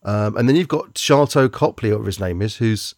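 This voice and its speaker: A man's voice: lowish voice, brisk, no echo, studio quality. A man hosting a casual chat about movies, rambling and joking as he goes. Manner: rambling, jokey, trails off.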